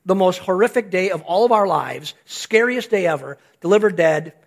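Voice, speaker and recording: A man's voice: sits high, expressive, moderate pace, creaky. An older man, a grandfather, giving a conversational sermon, telling a story and putting rhetorical questions to his congregation. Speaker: pastor.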